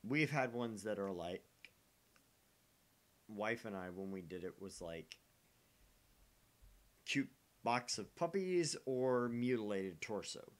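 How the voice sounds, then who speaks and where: A man with a lowish voice that swings widely in pitch, hosting a relaxed gaming stream at home. He jokes and talks sarcastically while fighting off hiccups, and he rambles as he explains things. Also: slow pace, long pauses. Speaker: streamer host. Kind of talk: casual gaming stream chat. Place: home, at a table.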